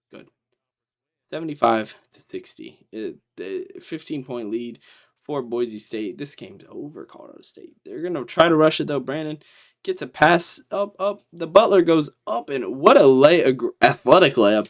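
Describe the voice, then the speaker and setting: A young man giving casual live play-by-play commentary, talking straight at the teams in exasperation. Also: mid-range voice.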